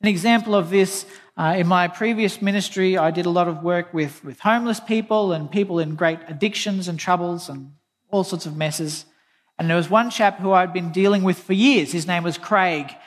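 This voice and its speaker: A man's voice: sits high, big-room sound. A man preaching a sermon, telling a personal story in an earnest, plain way and quoting scripture. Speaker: pastor.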